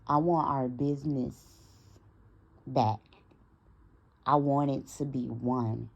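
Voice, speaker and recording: Young woman, low voice, gravelly fry, casual storytime vlog, animated, talks straight to viewers. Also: takes it slowly, highs cut off. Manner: animated, talks straight to her audience, acts out quoted dialogue. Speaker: storytime vlogger.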